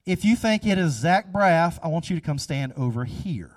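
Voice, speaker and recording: A man's voice: on the high side, expressive, moderate pace, dry recording, far from the mic. A man leading a casual, chatty sermon after an audience guessing game, upbeat and repeating himself.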